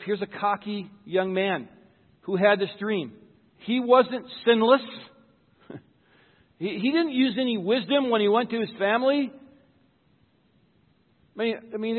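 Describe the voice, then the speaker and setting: A man's voice: sits high, in a large hall, narrow, tinny audio. A pastor giving a sermon in church, earnest and conversational, often repeating words as he starts a thought.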